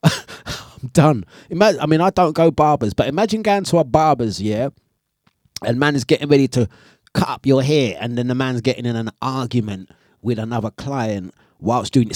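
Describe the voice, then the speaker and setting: Laughing radio DJ. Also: male voice, mid-range voice, normal speed, no room sound, studio quality. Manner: animated storytelling, laughs often, slangy. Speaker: radio DJ and breakfast show host. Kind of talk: casual live radio chat.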